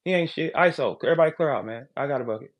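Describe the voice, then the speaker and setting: Brash, high-voiced trash-talking man. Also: rapid-fire. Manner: loud, brash trash talk, swings to low calm. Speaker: battle rap host. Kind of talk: casual chat on a live audio call. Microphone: audio call.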